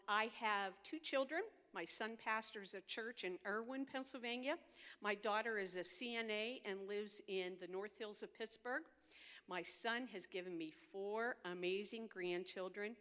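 A woman's voice: medium pitch, a bit bright. An older woman, a girls' ministry leader and grandmother, giving an earnest, heartfelt personal testimony as a storyteller. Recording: long hall reverb.

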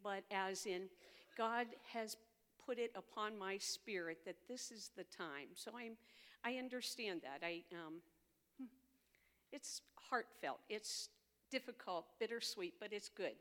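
A woman's voice: medium pitch, a little slow, fairly bright tone. An older woman, a girls' ministry leader and grandmother, giving an earnest, heartfelt personal testimony as a storyteller. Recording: long hall reverb.

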